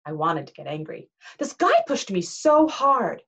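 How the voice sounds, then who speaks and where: A teacher reading a novel aloud to a class in an expressive, animated way. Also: female voice, medium pitch, unhurried, husky. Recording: dull lo-fi recording.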